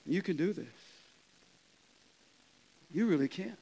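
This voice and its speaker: A man, a pastor, preaching a conversational sermon, chuckling and dropping to soft quoted asides. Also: sits high, expressive, extremely slow, pauses often, low-quality recording. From Canada.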